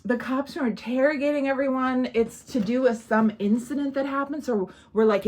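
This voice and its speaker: A woman casually reviewing an old film in a chatty vlog, animated and laughing often, acting out bits of dialogue. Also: high-pitched, normal speed, hardly any pauses.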